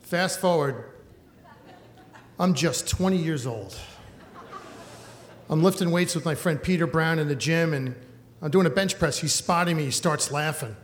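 A man in his thirties telling a comic personal story live on stage, wry and animated. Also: a little high, a little slow, long pauses. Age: 30s. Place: stage in a hall. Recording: echoey hall, faint noise.

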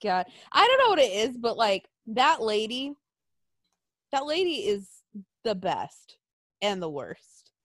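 A woman's voice: fairly high pitch, big pitch swings, slow pace, pauses often, a bit bright, dry recording. A young woman in casual chat, telling stories with lots of profanity and acting out the people she quotes. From Arizona.

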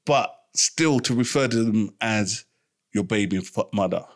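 A man's voice: lowish voice, measured pace. A man co-hosting a podcast, talking casually and insistently, repeating himself and tripping over his words. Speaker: podcast co-host. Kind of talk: casual chat.

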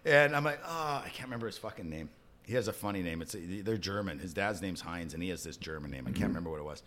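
A man's voice: deep voice, expressive, quick pace, fairly bright tone. A man on a podcast, telling profane, rambling stories in casual chat and acting out the voices he quotes. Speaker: podcast regular.

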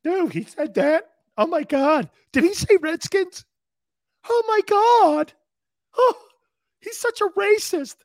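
A man putting on a high-pitched, squeaky, whining voice for a fretful, stammering sports talker. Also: lively intonation, takes it slowly, heavily acted. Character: whiny squeaky-voiced male West Coast sports talker.

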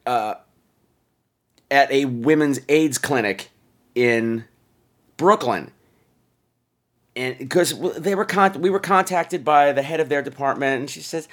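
A man hosting a podcast, telling a comic personal story in an animated, indignant way. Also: medium pitch. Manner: animated, indignant retelling with voiced asides. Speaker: podcast host.

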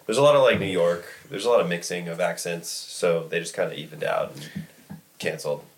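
A man's voice: low-pitched, fairly quick. A man from the Boston area, a podcast co-host, chatting in a laid-back, rambling way with fillers. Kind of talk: casual chat.

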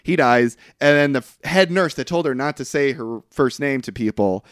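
A young man co-hosts a podcast, chatting casually through a movie's plot and rambling as he acts out characters' lines with sudden pitch jumps. His voice is animated and moves at normal speed. The studio recording is clean, with no room sound.

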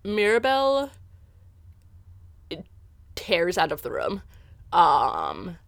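A woman's voice: fairly low pitch, wildly swooping pitch, drawn-out words, vocal fry, dry recording. A woman playing a tabletop game, speaking anxiously and hesitantly in character. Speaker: player.

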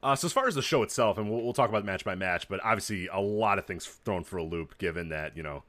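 A man's voice: lowish voice, quick pace, fairly bright tone, no room sound. A man co-hosting a casual talk podcast, rambling loosely and swearing casually. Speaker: podcast co-host. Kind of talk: casual wrestling chat.

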